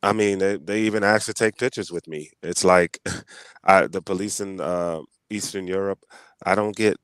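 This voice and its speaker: A man's voice: deep voice, fairly even intonation, normal speed, a bit bright, clear, resonant tone, no echo. A man from New York, a guest in a casual interview, explaining things in an easygoing way. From New York, United States.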